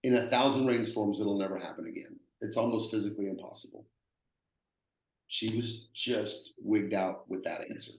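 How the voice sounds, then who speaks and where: A man's voice: on the low side, normal speed. A man with a Texan accent, a roofing contractor telling stories in an earnest, plainspoken way, often repeating himself. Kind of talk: conversational storytelling. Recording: echoey room.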